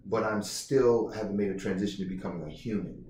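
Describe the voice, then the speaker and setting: Man, author interview, animated storytelling, echoey room, faint ambience. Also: lowish voice, fast talker, a little hiss or hum. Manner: animated, restarts often, acts out quotes. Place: indoor room. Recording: roomy, distant mic, faint ambience.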